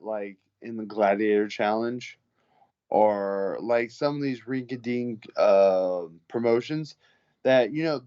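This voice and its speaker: A heavyweight fighter tells casual stories in an interview, his medium-pitched voice smooth under lo-fi sound. He's an animated storyteller who swears freely and acts out the people he quotes.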